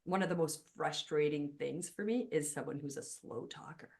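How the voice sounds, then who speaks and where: A woman whose first language is French, hosting a podcast conversation, talking fast and emphatically. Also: sits low, creaky, darkish tone. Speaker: podcast host. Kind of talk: casual conversation.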